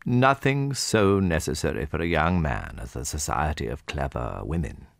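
A worldly older nobleman who hands out orders in a patronizing tone, as a male reader puts him on. The voice is deep and gravelly, with a lively, swinging melody, and sounds close and dry, as in a storybook reading. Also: moderate pace, no room sound, heavily acted.

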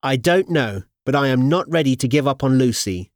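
Guy reading as a calm no-nonsense young lady, matter of fact, storybook. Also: mid-range voice, moderate pace, dry recording, studio quality, close to an everyday voice. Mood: composed. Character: composed optimistic young woman, matchmaker.

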